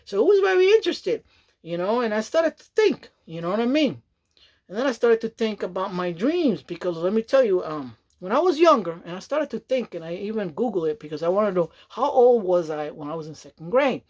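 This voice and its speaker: A woman's voice: medium pitch, big pitch swings, brisk, a little mellow. Rambling, chatty woman vlogger. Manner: rambling, chatty, repeats "you know what I mean", laughs often. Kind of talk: casual rambling monologue.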